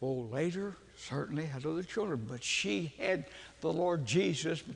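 An older man, telling a humorous story in a folksy, animated sermon. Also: a little high, moderate pace, vocal fry, breathy edge. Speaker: preacher. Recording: long reverb of a large hall.

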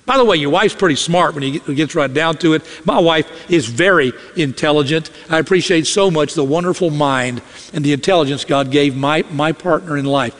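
A man preaching a sermon from the pulpit of a church, animated, and often acting out the voices of the people he quotes. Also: fairly high pitch, fairly quick, in a large hall. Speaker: pastor. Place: church sanctuary. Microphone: podium or stage mic.

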